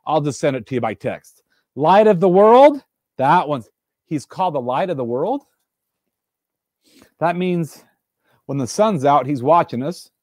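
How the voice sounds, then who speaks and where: A man giving a livestreamed devotional fireside talk from a room, earnest and animated, repeating his questions, stumbling over words and reading viewer answers aloud. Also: medium pitch, dry recording, clean studio sound. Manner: reads viewer answers aloud from a live chat. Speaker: fireside speaker. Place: indoors room, alone.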